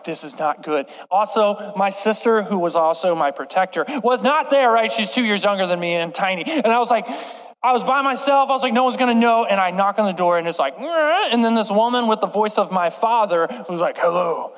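A young man preaching and telling a self-deprecating story in an animated way, acting out the voices of the people in it. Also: high voice, brisk. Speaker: youth preacher. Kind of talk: storytelling sermon. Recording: long reverb in a large hall.

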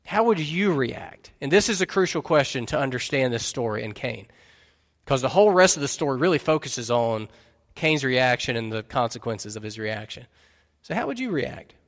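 A man's voice: mid-range voice, big pitch swings, normal speed. A man preaching a sermon as pastor, earnestly putting questions to his listeners. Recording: long reverb of a large hall.

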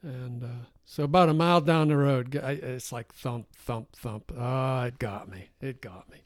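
An older man co-hosting a podcast, telling a casual story with animated asides and frequent laughter. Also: mid-range voice, moderate pace, dry recording, studio quality. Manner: animated anecdote-teller, laughs often. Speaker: podcast co-host.

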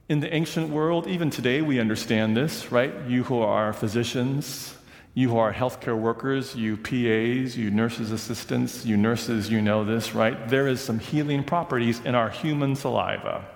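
Conversational pastor preaching in a reverberant church. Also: male voice, mid-range voice. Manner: conversational storytelling, frequent "right?" and asides. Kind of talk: sermon. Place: large church sanctuary.

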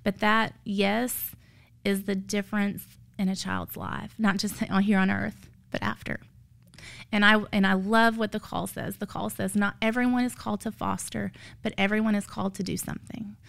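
A woman's voice: mid-range voice, level tone, normal speed, creaky, a bit bright. A woman, a tired foster mother sharing her story as an earnest, emotional testimony of faith that rises to emphatic peaks. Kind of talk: heartfelt testimony.

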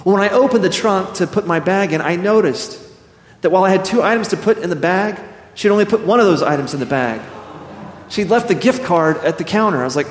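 A man's voice: sits high, brisk. A man preaching a sermon as a pastor, telling a personal story and acting out his own thoughts before turning to scripture. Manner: storytelling, animated quoting of himself. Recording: echoey hall.

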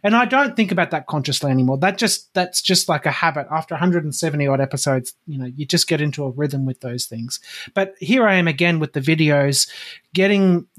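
A man's voice: on the high side, brisk, fairly bright tone. A man hosting a podcast, talking reflectively in a casual way with lots of "like". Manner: reflective, many fillers like "like". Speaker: podcast host.

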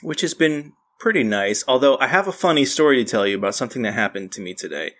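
A man's voice: medium pitch, animated, quick pace, fairly bright tone. A man co-hosting a podcast, joking crudely and telling stories in casual chat. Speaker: podcast co-host.

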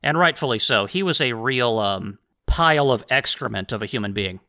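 A man's voice: mid-range voice, animated, normal speed, bright, forceful tone. A man hosting a history podcast, talking in a mocking, sarcastic, rambling way and restarting his sentences. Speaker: podcast host.

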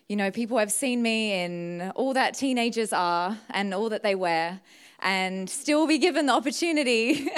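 A young woman preaching in church with a high, smooth, resonant voice. She speaks candidly and with feeling, her voice catching with emotion now and then. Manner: emotional, warm and candid, laughs and tears up at times. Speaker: guest preacher. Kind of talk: sermon. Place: church service.

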